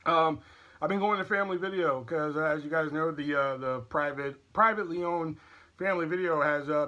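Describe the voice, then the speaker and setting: Bright-voiced man chatting on camera. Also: a little high. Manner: candid, chatty, rambling. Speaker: YouTube channel host. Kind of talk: casual product review and haul vlog.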